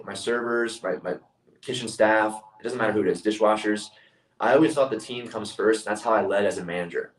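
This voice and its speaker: A man's voice: on the low side, recorded from a distance, poor audio. A man speaking as a leadership speaker in a casual monologue, telling stories earnestly and often restarting his phrases.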